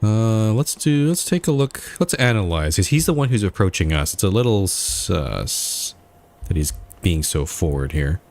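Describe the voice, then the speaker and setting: A man's voice: on the low side, lively intonation, moderate pace, a little mellow. A man playing a game and thinking aloud as he commentates, reading and weighing the options. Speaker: gamer. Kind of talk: let's play commentary.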